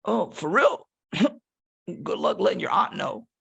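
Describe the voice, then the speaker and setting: Man doing an older uncle voice, laid-back, teasing, high, gravelly. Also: very animated, slow pace, a bit bright, highs cut off, exaggerated voice. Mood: amused.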